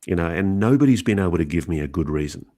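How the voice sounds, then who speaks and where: A middle-aged Australian man, an author answering interview questions in an earnest, measured way that sometimes halts and restarts. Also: deep voice, expressive, dark tone. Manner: earnest, measured, slightly halting. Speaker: guest author.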